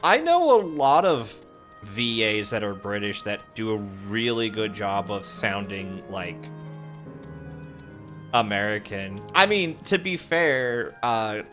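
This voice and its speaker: A man's voice: lowish voice, sing-song, slow pace, a bit bright, faint music behind. A man streaming a video game, rambling casually, swearing and mocking himself as he plays. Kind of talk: casual live game commentary.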